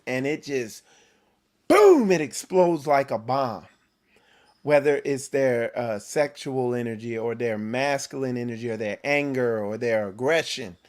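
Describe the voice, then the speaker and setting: A man holds forth on his faith show in a slow, deliberate delivery. His voice sits slightly high for a man, and he leans hard on key words, often repeating and restarting phrases as he builds his point. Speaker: host of a men's faith show. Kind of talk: preachy motivational talk.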